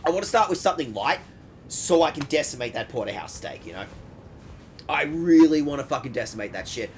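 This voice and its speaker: A man's voice: a little high, a little fast, a little hiss or hum. A man streaming a game, joking and riffing in casual chat while swearing freely. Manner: jokey, riffing, swearing, lively bits. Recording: music playing behind.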